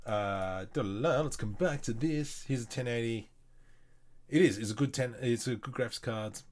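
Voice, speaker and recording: A man's voice: mid-range voice, moderate pace, a little mellow. An Australian man talks his way through a live stream of his 3D work. He chats casually with viewers and mutters to himself as he clicks through his tools. Keyboard typing and mouse clicks run behind his voice. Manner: chatty, thinks aloud, mutters while working.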